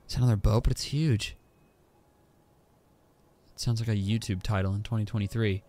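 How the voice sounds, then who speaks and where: A man streaming a video game, giving excitable, joking commentary as he plays. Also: on the low side, moderate pace, pauses often. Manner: excitable, exclaims and jokes to himself. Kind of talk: live gameplay commentary.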